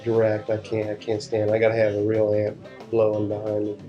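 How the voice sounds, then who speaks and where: A man's voice: lowish voice, completely flat delivery, a little fast, muffled recording, faint music behind. A man guesting on an interview, telling rambling stories in casual talk and often restarting his sentences. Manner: rambling, restarts sentences, laid-back storytelling. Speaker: session guitarist, interview guest.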